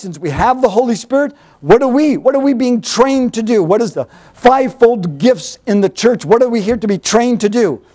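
High, lively male Bible teacher. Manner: animated, repetitive rhetorical questions. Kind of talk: sermon.

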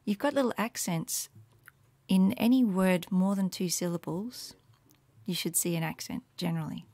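A woman with a lowish voice talks through her Latin teaching materials in a relaxed, meandering way. She fills gaps with ums and drops into soft murmured asides. The sound is dry and close, with no room echo. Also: normal speed. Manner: casual and rambling, with many fillers and soft murmured asides. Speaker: Latin teacher making resources. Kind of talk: screen walkthrough tutorial.

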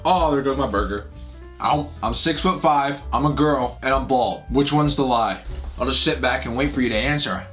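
A man's voice: medium pitch, moderate pace, fairly bright tone, soft background music. A young man vlogging for comedy, goofy and hyping up his lines. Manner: goofy, hypes every line up. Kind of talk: comedic vlog and reaction.

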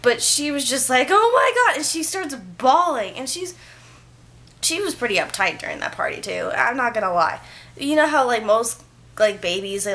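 A young woman telling a story to camera in a casual vlog. She chats loosely, leans on lots of "like" fillers, and grows animated as she retells it. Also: medium pitch. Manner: chatty, filler-heavy with frequent "like". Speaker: vlogger.

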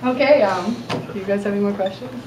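A polite, patient female job interviewer, played by a teenage girl who asks her questions haltingly. She sounds distant, in a school room with a lot of noise and echo. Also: mid-range voice, a little mellow, close to an everyday voice. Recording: echoey room from far, noisy.

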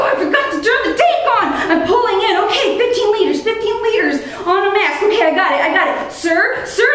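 A woman performing a dramatic first-person story at an open mic, intense and swinging between urgent and hushed. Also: very high-pitched. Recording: very echoey room, mic far off.

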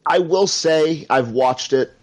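Staten Island man, easygoing podcast guest. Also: on the high side. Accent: New York, Staten Island. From Staten Island, New York. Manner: easygoing, laughs often, quick friendly asides. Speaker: guest co-host. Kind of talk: casual podcast chat.

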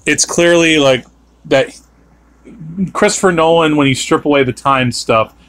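A man's voice: a little high, measured pace, a bit bright, clear, resonant tone. A man hosting a podcast, chatting casually and rambling with many fillers and restarts. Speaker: podcast host. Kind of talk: casual chat.

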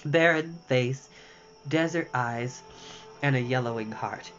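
A reader in their thirties reading a novel aloud in a lively, expressive way. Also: mid-range voice, slow pace. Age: 30s. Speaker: storytime reader. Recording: dull lo-fi with faint music.

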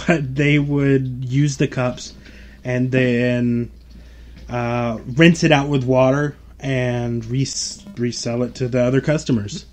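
A podcast host chats casually, pausing often on ums and uhs. He is a man with an ordinary mid-range voice. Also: mid-range voice, steady tone. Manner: hesitant, filler-heavy, laughing. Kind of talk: casual chat.

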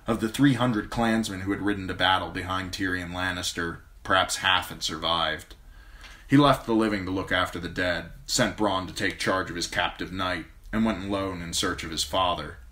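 A man narrating a fantasy audiobook as an amateur reader, in a steady storytelling manner. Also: low voice, moderate pace.

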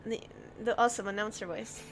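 A woman's voice: medium pitch, steady tone, fairly quick, noisy background. A woman hosting a game stream, chatting casually in a giggly, bubbly way and laughing often.

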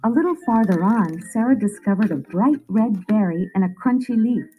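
A woman narrating a children's picture book aloud with expressive storytelling. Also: medium pitch, moderate pace, narrow, tinny audio, faint music behind.

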